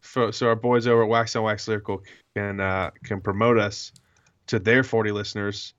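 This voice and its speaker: A man's voice: fairly low pitch, little pitch movement, moderate pace, a bit bright, dull audio. A man hosting a casual podcast, laughing often as he reads listener mail aloud. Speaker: podcast host.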